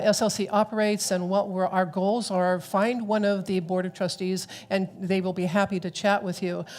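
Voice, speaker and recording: A woman leading a church service, giving welcomes and announcements to the congregation in a measured, welcoming way. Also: mid-range voice. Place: church sanctuary.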